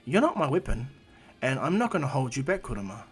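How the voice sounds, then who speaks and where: An earnest, polite young god speaks in a steady mid-range voice, as a man retelling a fan story puts him on. He sounds thankful and sincere, and his voice sits in an ordinary middle pitch. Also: quick pace, slightly rough, faint music behind. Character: young male newly made god.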